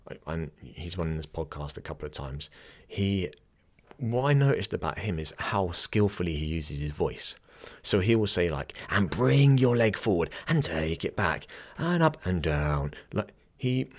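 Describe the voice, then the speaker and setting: A young man hosting a podcast and teaching yoga, talking casually, often restarting his sentences and laughing easily. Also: low voice. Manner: chatty, self-correcting, laughs easily.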